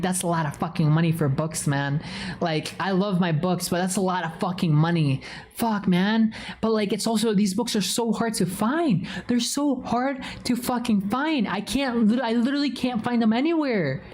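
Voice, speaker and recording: A woman's voice: normal speed, slight background noise. Foul-mouthed woman streamer chatting animatedly. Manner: swears constantly, animated storytelling with big pitch swings; greets chat viewers by name. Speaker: livestreamer. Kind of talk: casual livestream chat.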